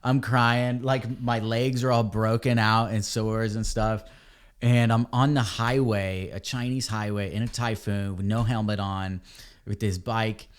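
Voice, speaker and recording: A man, a podcast guest, telling a story in a casual, animated way and calling people dude and man. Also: fairly low pitch, a little slow, clean tone. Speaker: podcast guest, ebike company cofounder.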